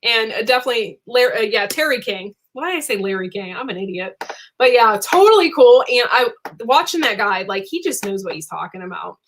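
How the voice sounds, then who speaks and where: A woman's voice: medium pitch, lively intonation, a little fast, a bit bright, slight background noise. Bubbly rambling woman. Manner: bubbly, rambling, giggly, lots of fillers. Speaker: livestream host. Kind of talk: casual live chat.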